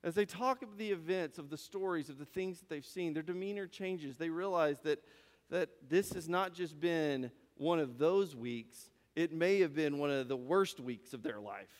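A man's voice: on the high side, normal speed, big-room sound. A man preaching a sermon, retelling a story with rhetorical questions and repeated phrases, in a church sanctuary.

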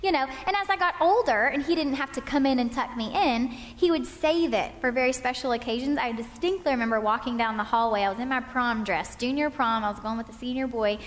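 At a couples' talk, a woman in her thirties speaks a little fast with hardly any pauses, her voice fairly high as she warmly shares personal anecdotes and keeps asking "okay?" There's slight background noise and a long hall reverb.

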